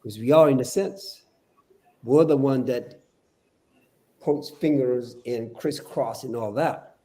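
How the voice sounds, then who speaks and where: A man's voice: mid-range voice, slow, warm tone. An older man speaking as a podcast guest, earnest and preachy, often repeating his words as he talks. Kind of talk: casual podcast discussion.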